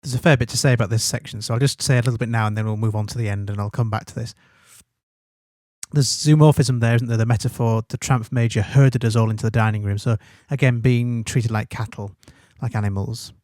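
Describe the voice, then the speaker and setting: A man with an English accent, an English teacher talking through a literary text in a relaxed way, thinking aloud with fillers and tag questions. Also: medium pitch, no room sound, clean studio sound. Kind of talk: study guide commentary on a text.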